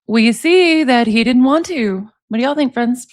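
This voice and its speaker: A woman's voice: a little high, expressive, unhurried, no echo, clean studio sound. A woman, hosting casual true-crime commentary and reading excerpts aloud, chatty and often asking viewers what they think. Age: 40s. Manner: chatty, asks viewers for opinions. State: allergies. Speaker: commentary channel host.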